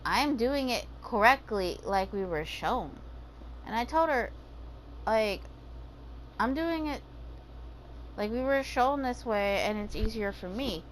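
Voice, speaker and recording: A woman's voice: on the high side, lively intonation, slow, pauses often, slight background noise, low-quality recording. Swearing, ranting young-sounding woman. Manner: venting, heavy swearing, lots of fillers. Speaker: gaming vlogger. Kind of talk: casual ranting storytime.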